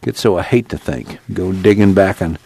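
This is a tired, beaten-down farm father who sounds mournful in a slow rural dialect, voiced by a man. The voice sits low and close. The sound is dry. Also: creaky, dark tone, no room sound. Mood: weary.

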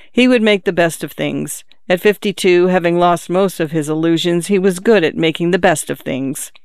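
An audiobook narrator reading a literary novel in a measured, even storytelling manner. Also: medium pitch, vocal fry, smooth, no room sound.

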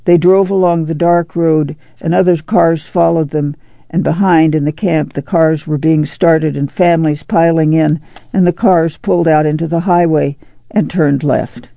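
A woman reading a novel aloud as audiobook narrator, steady and unhurried. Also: low-pitched, gravelly, no echo, muffled recording.

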